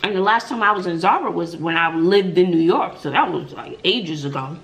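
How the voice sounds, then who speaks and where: A middle-aged woman hosting an eating show, chatting and telling stories between bites, with drawn-out "mm-mm" asides. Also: fairly low pitch, animated, a bit bright. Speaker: mukbang host. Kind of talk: chatty storytelling while eating.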